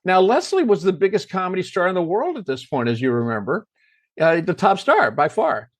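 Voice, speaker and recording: Older american man, comedy writer, lively anecdotes with acted-out voices, fairly high voice, dry close mic. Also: fairly quick, no echo. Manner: animated storyteller acting out voices. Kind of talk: storytelling interview.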